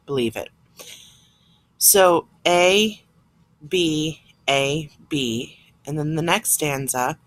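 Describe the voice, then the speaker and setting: A woman's voice: low voice, slow, no room sound. A woman teacher explaining a lesson plainly, step by step, recorded on a computer mic. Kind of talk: classroom lesson recorded on screen.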